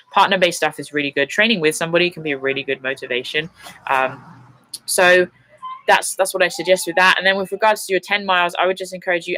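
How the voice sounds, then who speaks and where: Chatty woman, bright voice. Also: deep voice, no echo. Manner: chatty and rambling, with many fillers and restarts; openly emotional and laughs easily. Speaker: host of a live viewer Q&A. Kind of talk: casual live Q&A chat. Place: at home on a sofa. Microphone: computer mic on a livestream.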